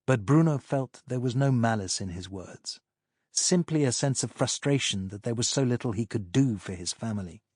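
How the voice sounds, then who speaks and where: A man reading a mystery novel aloud in even, unhurried scripted narration. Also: mid-range voice, slightly rough, dry recording, studio quality. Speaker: audiobook narrator.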